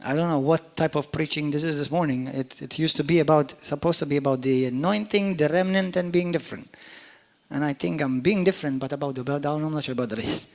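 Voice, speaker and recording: A man with a Maltese accent, preaching a lively, joking sermon as pastor at a church service, calling on the congregation to answer back. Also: on the high side, fairly quick. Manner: animated, jokey, call-and-response preaching.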